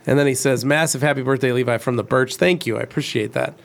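A man's voice: medium pitch, fast, gravelly. A man in his forties, co-hosting a casual livestream chat and telling rambling stories. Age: 40s. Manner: storytelling, rambling. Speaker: co-host.

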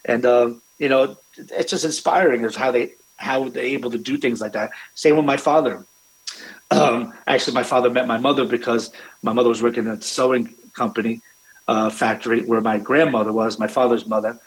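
A man's voice: medium pitch, steady tone, fairly quick, rough recording. A man, a restaurant owner, telling family stories in a rambling way, with many fillers and restarts. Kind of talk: conversational storytelling.

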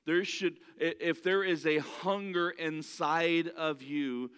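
A man's voice: a little high, steady tone, takes it slowly, a bit bright, smooth. A man preaching an earnest, conversational sermon, telling stories and asking the listeners questions directly. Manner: earnest, storytelling, asks the crowd directly. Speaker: pastor. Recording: long reverb of a large hall.

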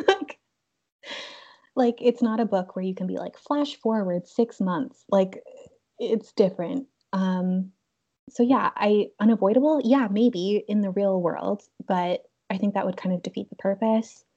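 A woman's voice: mid-range voice, normal speed, warm tone. Young woman podcaster, giggly, says like a lot, kinda muffled lo-fi sound. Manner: giggly, lots of "like" fillers. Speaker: podcast co-host. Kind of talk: casual chat. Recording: dull lo-fi sound.

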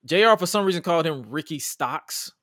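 A man with a fairly high voice co-hosts a casual wrestling podcast, talking in a lively, profane way and acting out the quotes he retells. The sound is dry and close to the mic. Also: brisk, dry recording. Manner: animated, profane, acts out quotes. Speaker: podcast co-host.

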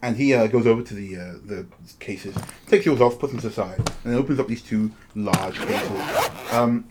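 A man's voice: fairly low pitch, normal speed, noisy background. A man narrating a tabletop game as game master, describing scenes at length with many restarts. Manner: descriptive, full of fillers and restarts.

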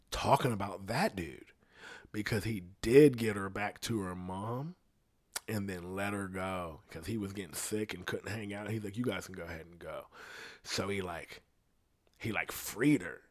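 A man telling a story in a casual, rambling monologue, swearing bluntly and getting loud and high when outraged. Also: no room sound, clean studio sound.

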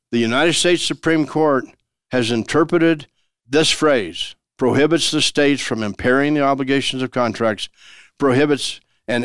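A man's voice: mid-range voice, clear, resonant tone, no echo, clean studio sound. A man hosting a show and explaining law in a chatty way, asking rhetorical questions and chuckling now and then. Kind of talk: casual legal commentary.

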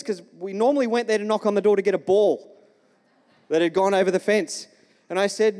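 A man's voice: high-pitched, fairly even intonation, a little fast, darkish tone. A male pastor preaching a sermon in a church, telling a story and asking the congregation questions. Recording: long reverb of a church hall.

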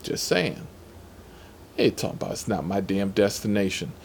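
A man's voice: fairly low pitch, very animated, normal speed, gravelly, slight background noise. Sassy, profane man telling stories. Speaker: rideshare driver. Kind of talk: casual storytelling vlog.

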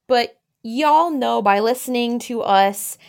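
A woman's voice: on the high side, slow, vocal fry, a little mellow, clean tone. A woman co-hosting a podcast, telling stories in a chatty way with casual cursing. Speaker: podcast co-host.

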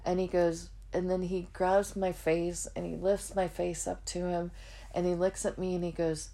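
An earnest woman shares her personal testimony as a podcast host, speaking in a heartfelt storytelling way. Her voice sits a little low for a woman, and she acts out the lines of the people in her story. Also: level tone, unhurried, creaky, mellow.

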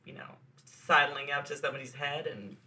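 A man's voice: on the high side, normal speed, pushed and bright. A man co-hosting a casual podcast, chiming in with short agreeing remarks. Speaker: podcast co-host. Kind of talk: casual chat.

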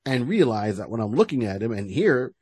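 A man with a slightly husky voice, talking casually as a podcast co-host. He rambles, restarts his sentences and gets animated as he makes his case. His pitch sits in an ordinary middle range. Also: fairly quick. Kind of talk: casual chat.

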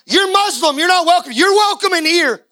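Man, pastor, sermon, impassioned, tense bright tone. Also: very high voice, lively intonation, moderate pace, dry recording, poor audio. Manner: impassioned preaching, swinging between quiet and shouting.

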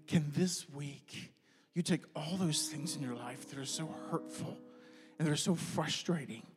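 A man in his fifties giving an informal, conversational sermon, acting out his inner dialogues in lively voices and closing in prayer. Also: medium pitch. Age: 50s. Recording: music playing behind.

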